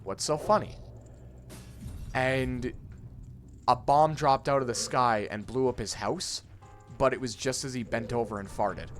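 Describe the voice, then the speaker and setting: Over faint music, a young man speaks at medium pitch and a little slowly. He's co-hosting a let's play, telling a rambling school story mid-game with plenty of restarts and casual cursing.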